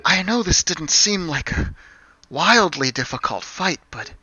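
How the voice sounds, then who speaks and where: A man voicing a proper, grateful woman enforcer who speaks formally and politely, with measured pauses. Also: on the high side, lively intonation, bright, forceful tone, husky, dry recording, lo-fi sound, voice pushed up, exaggerated voice. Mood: apologetic.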